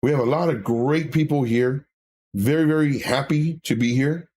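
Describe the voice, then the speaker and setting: A man's voice: medium pitch, moderate pace, a little mellow. A man co-hosting a live stream, reading viewer comments and talking candidly, with many fillers and self-corrections.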